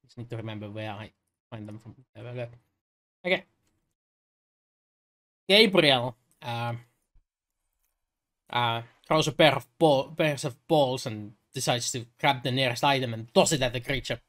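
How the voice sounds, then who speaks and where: A man narrating a tabletop game as game master, halting and restarting often. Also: mid-range voice, a bit bright. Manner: halting, full of fillers and restarts.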